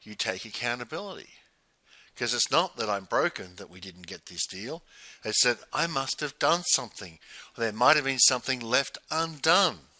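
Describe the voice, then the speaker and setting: Bright, forceful male business coach. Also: mid-range voice, lively intonation, normal speed, no echo. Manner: emphatic, repetitive, rhetorical questions. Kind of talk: motivational monologue.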